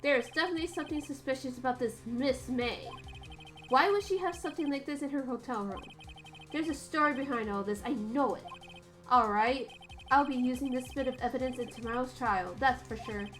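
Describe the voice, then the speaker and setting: A woman's voice: high voice, a little fast, fairly bright tone, soft background music. A woman voicing an earnest young male defense lawyer who muses aloud to himself. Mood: musing.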